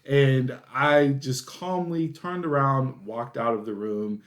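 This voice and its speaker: A man in his thirties chatting casually as a podcast co-host. He tells stories with animated energy and gets louder and higher when he reaches a punchline. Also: takes it slowly. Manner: animated storytelling, rising excitedly at punchlines.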